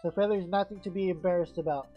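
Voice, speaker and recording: A woman's voice: on the low side, fairly even intonation, rapid-fire, breathy edge, lo-fi sound, soft background music. Mischievous, upbeat guild leader in a game who encourages his pupils; a woman reads him. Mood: encouraging. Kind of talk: reading game dialogue aloud.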